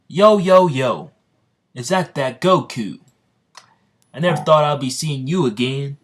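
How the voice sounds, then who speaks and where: A man voicing a cocky young male hero in a cowboy disguise, talking in a loud, breezy, slangy way. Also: medium pitch, animated, normal speed, natural voice. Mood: brash.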